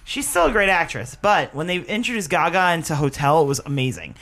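A woman's voice: sits low, big pitch swings, brisk, fairly bright tone. A woman co-hosting a podcast, chatting crudely and animatedly and laughing often. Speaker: podcast co-host. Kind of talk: casual chat.

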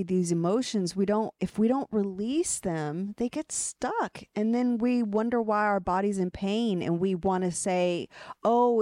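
A woman's voice: mid-range voice, a little mellow, no room sound, studio quality. A woman guest on a podcast, an energy coach, talking in a frank, casual way with plenty of swearing and restarted phrases.

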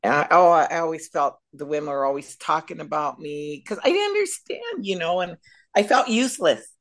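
A middle-aged woman, a guest speaker, sharing her personal faith testimony as an animated storyteller. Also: low voice, moderate pace.

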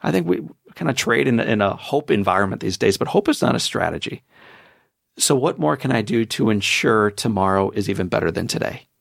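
A man's voice: fairly low pitch, lively intonation, fairly quick, creaky, no room sound, studio quality. A man in his forties telling his story as a podcast guest, with an emphatic, preacher-like motivational delivery.

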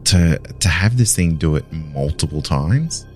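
A male host with an extremely deep, low voice who reacts to a guest's story with strong emphasis. He stumbles over the start of his question. Soft music sits faintly underneath. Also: animated, measured pace. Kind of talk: interview.

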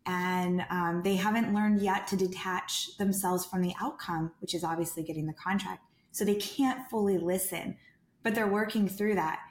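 A woman guest on a podcast who speaks calmly and deliberately, with a soothing tone. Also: lowish voice, slight background noise. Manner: calm, deliberate, soothing delivery. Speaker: sales director, guest. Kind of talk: podcast interview answers. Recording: roomy echo.

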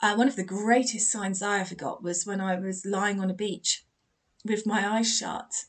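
A woman's voice: medium pitch, steady tone, moderate pace. A woman hosting a spiritual advice podcast as a medium, chatty and encouraging, acting out quoted dialogue in her stories.

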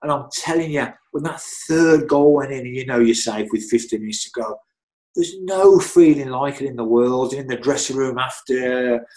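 A man's voice: mid-range voice, moderate pace, a little mellow. A middle-aged man, a guest telling rambling, chatty anecdotes full of restarts and "you know"s. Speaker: interview guest. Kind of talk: anecdotal storytelling.

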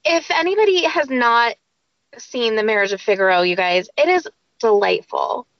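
A woman's voice: fairly high pitch, lively intonation, moderate pace, no room sound, muffled recording. A woman in a casual book club chat, gushing with enthusiasm.

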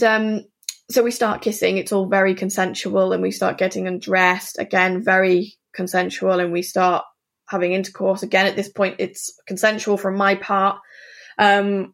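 Interview guest: woman, earnest, halting storyteller, mid-pitched. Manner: earnest, halting, full of asides. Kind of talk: candid personal storytelling.

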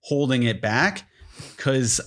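A man's voice: mid-range voice, lively intonation, takes it slowly, fairly bright tone. A man co-hosting a podcast, chatting and joking casually about his children. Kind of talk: casual chat.

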